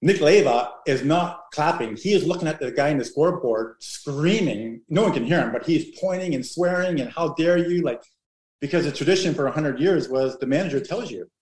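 A man in his fifties telling rambling, animated stories as an interview guest, with many restarts. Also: fairly high pitch, fairly quick. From Canada. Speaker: guest, former pro baseball player. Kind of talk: casual storytelling interview. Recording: roomy echo.

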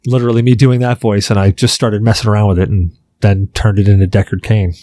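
A man's voice: on the low side, little pitch movement, fast talker, dark tone, no echo, studio quality. A man hosting a podcast, chatting casually and telling jokey stories. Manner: loose, joking, storytelling. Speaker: podcast host.

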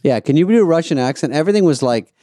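A man's voice: fairly high pitch, animated, very fast, warm tone, no room sound, studio quality. A man co-hosting a podcast, wry and swearing freely as he tells stories. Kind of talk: casual podcast chat.

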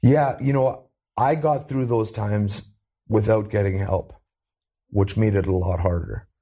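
A man from Canada telling his life story as an interview guest, earnest and animated, lifting his voice when he quotes people. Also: unhurried, husky. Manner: earnest, acts out quoted voices with rising pitch.

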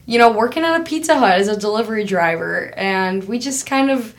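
A woman's voice: fairly high pitch, lively intonation, a little fast. A woman in her twenties telling a story in a casual chat, easygoing and full of filler words.

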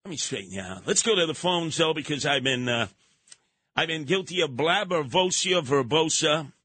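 A man's voice: on the high side, expressive, moderate pace, sharp tone, no room sound. A man hosting a live talk radio show, mocking and combative, slipping into put-on voices.

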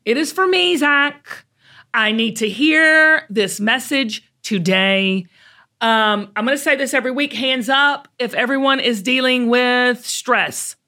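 A middle-aged Southern woman with a Southern American accent, hosting a talk show in chatty, animated storytelling. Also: on the high side, unhurried. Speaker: host. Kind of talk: casual chat.

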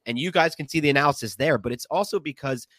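A man's voice: on the high side, fairly bright tone, no echo. A man hosting a podcast in casual chat, with a nasal voice and a stuffy head cold, talking eagerly and rambling. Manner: eager, rambling, with quick laughs. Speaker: podcast host.

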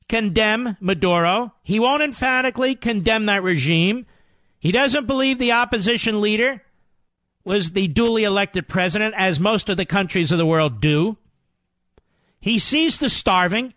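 Middle-aged male talk radio host; sarcastic, emphatic, repeats for punch; higher voice, dead-dry studio. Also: lively intonation, normal speed, fairly bright tone, dry recording. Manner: combative, sarcastic, emphatic repetition. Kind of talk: political talk radio monologue.

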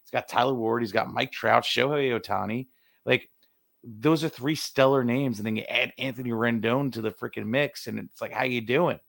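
Excitable gravelly-voiced male co-host. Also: medium pitch, normal speed, no echo, clean studio sound. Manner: excitable, jokey, rambling. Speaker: podcast co-host. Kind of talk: casual sports podcast chat.

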